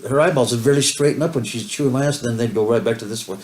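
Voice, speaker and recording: Co-hosting a couple's video talk, a man tells rambling stories in casual chat, swearing constantly. His mid-range voice is a little mellow and very fast. The recording has a roomy echo with faint hiss.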